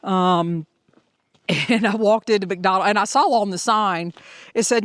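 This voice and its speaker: A middle-aged Southern woman narrates her hiking day in a cheerful, talkative audio vlog. Her voice is smooth and resonant. The recording is dry and close. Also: medium pitch, steady tone, measured pace, no room sound. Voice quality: upbeat, chatty storyteller. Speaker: hiker vlogger.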